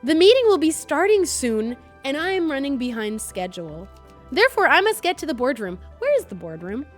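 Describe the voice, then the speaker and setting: A woman's voice: sits high, very animated, a little fast, soft background music, voice pushed up. A woman voicing a tired middle-aged businessman who talks in a stiff, formal, literal way.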